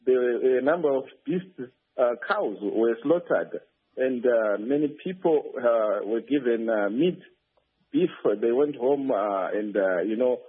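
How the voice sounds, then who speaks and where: A man's voice: mid-range voice, animated, unhurried, husky. A male field reporter phoning in a news report, speaking hesitantly with many fillers and restarts. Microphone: telephone. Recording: tinny phone line.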